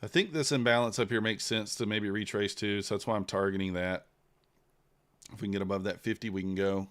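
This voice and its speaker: A man giving casual live commentary while trading, thinking out loud in an unhurried, low-key way. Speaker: livestreaming futures trader.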